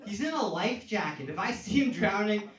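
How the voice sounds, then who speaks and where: A man in his thirties works a comedy club stage, talking loosely and casually between jokes. His voice sits a little high for a man. It comes across roomy and somewhat distant, with plenty of noise from the club around him. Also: lively intonation, moderate pace, over a noisy crowd. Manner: conversational storytelling, jumps to loud yelling for punchlines. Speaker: stand-up comedian. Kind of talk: stand-up comedy set. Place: comedy club stage before a laughing audience.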